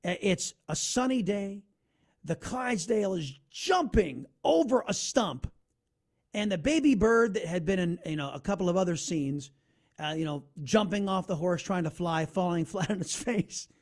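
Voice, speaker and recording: A man hosting a talk radio show, telling a story in an animated monologue. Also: high-pitched, moderate pace. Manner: animated storytelling, narrates an ad over its soundtrack.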